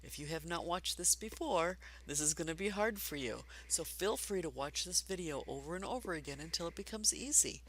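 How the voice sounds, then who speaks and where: A woman teaching a basic reading lesson for adults, patient and encouraging, speaking slowly and clearly. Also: on the low side, animated, fairly bright tone, a little hiss or hum.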